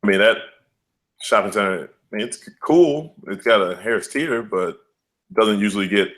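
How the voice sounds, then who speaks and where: A man's voice: lowish voice, moderate pace, a bit bright. This is a man, chatting on a casual podcast. He tells stories in a loose, slangy way and slips into quoted voices for the people in them. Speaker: podcast co-host. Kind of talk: casual sports and news podcast chat.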